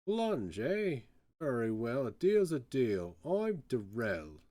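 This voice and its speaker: A man's voice: medium pitch, big pitch swings, takes it slowly, mellow, dry recording, pitched above the performer's own voice. A man voicing a bitter old male sailor locked in a cell, grumbling in a put-on with archaic speech. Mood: sly.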